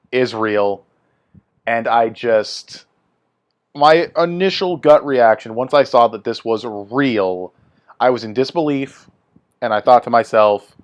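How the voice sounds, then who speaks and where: A man's voice: fairly low pitch, clean tone. A young man hosting his own video, giving a blunt, swearing opinion rant in a casual way. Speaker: video host.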